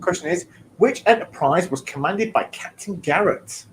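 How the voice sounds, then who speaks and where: A man's voice: high-pitched, lively intonation, moderate pace, a little hiss or hum, poor audio. A man hosting a casual online quiz, reading out the rules and questions with joking asides. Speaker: quiz host.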